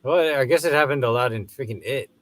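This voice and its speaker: A man's voice: mid-range voice, fast talker, fairly bright tone, dry recording. A man co-hosting a casual movie review chat, dropping short wry remarks. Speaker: podcast co-host.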